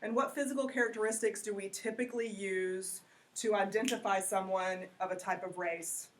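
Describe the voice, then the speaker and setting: A woman's voice: mid-range voice, steady tone, normal speed, slight background noise. Woman lecturing a class. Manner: conversational, asks the class questions. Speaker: college geography instructor.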